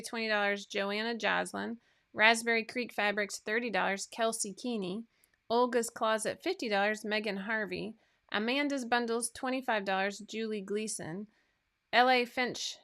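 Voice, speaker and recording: Between giveaway announcements, the bright-voiced woman hosting this sewing pattern livestream chats casually, filling gaps between winners with asides and fillers. Her pitch sits in the medium range.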